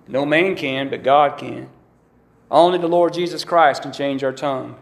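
Folksy preacher with a gravelly voice. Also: male voice, on the high side, normal speed. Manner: folksy, animated storytelling with acted-out quotes. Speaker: pastor. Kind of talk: sermon. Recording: echoey room.

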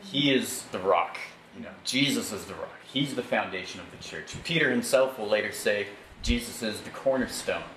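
A man leads a Bible study in a relaxed, conversational way, calling out to the group for amens. His voice sits on the low side. He is recorded in a roomy, echoey space with a faint hiss behind him. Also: normal speed. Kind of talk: Bible study teaching with slides. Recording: echoey room, faint background noise.

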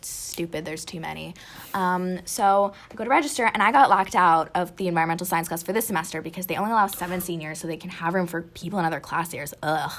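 A woman's voice: fairly low pitch, fast, fairly bright tone. A woman in her twenties, a college senior co-hosting a podcast, telling a story in a chatty way full of "like" and "um". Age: 20s. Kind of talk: casual chat.

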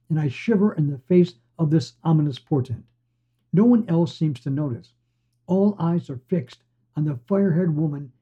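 A man hosting a podcast and reading fiction aloud in a steady storytelling voice. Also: on the high side, breathy edge. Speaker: podcast host and reader. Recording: dull lo-fi recording.

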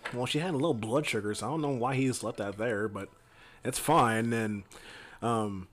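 A man's voice: medium pitch, moderate pace, fairly bright tone. A man, co-host of a podcast, telling a story in a rambling casual chat, swearing and laughing as he goes. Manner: rambling, profane, laughs while telling stories.

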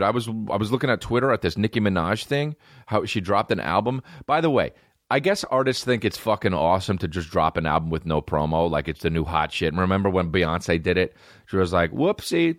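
A man in his thirties, deep-voiced, hosts a casual solo comedy podcast, rambling, swearing and slipping into impressions of other people. He's in a small indoor room with a creaky chair, yet the sound is studio quality with no echo.

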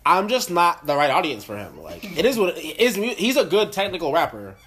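A young man riffing fast in a casual podcast chat, with a fairly high voice. He is animated and profane, and keeps acting out voices as he tells his stories. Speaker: podcast co-host.

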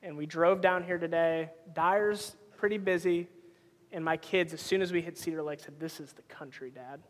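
Pastor, male, 30s, high voice, conversational sermon, long reverb. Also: steady tone, moderate pace. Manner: conversational, storytelling with personal anecdotes.

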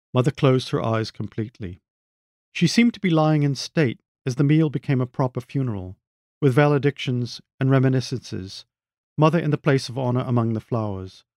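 A man reads his own short story in a measured, wry manner. His voice is gravelly, at an ordinary pitch. The close, dry recording has no room around it. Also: a little mellow, no echo. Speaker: author reading his story. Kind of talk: literary reading.

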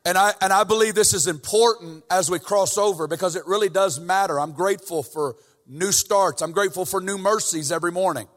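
A man's voice: high-pitched, brisk, fairly bright tone. A man preaching a sermon in a church, talking casually at first and then building to fervent emphasis. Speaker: guest preacher. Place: church sanctuary. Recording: church hall reverb.

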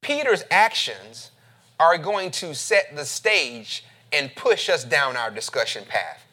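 Man, pastor, sermon, conversational preaching, animated pitch, bright tone. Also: takes it slowly. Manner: lively, conversational preaching, addresses listeners as family. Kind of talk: sermon with scripture reading.

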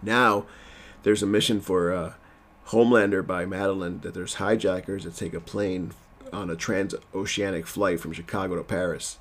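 A man's voice: low-pitched, fairly even intonation, moderate pace. A man casually recapping a TV episode at home, rambling and self-deprecating, with lots of fillers.

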